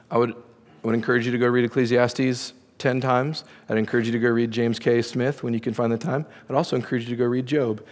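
A man delivering a sermon from the pulpit, animated and playfully sarcastic as he acts out the story. His voice sits in a middle register and carries a long reverberant tail from the hall around him. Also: mid-range voice. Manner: animated, playful sarcasm when quoting God. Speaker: pastor.

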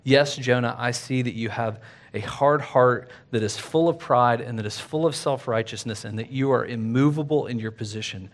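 A man voicing God as patient and compassionate, speaking gently and earnestly to a stubborn prophet. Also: mid-range voice, moderate pace, close to an everyday voice. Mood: gentle. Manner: gentle, earnest, plainly spoken.

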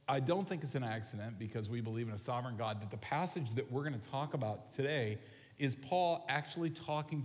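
A man preaching a sermon to his congregation in a relaxed, animated way, often asking the people questions. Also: medium pitch. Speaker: pastor. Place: large church sanctuary. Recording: long reverb of a large hall.

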